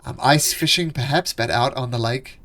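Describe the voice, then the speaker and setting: A man's voice: mid-range voice, fairly bright tone, close to an everyday voice. A man playing a stammering, nervous half-elf naturalist. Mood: earnest. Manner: stammering, halting, polite.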